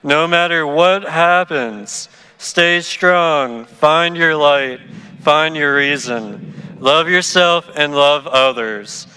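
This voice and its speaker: A man's voice: a little high, takes it slowly, bright, forceful tone, clear, resonant tone. A male student speaker reading an encouraging, poetic speech at an outdoor stadium.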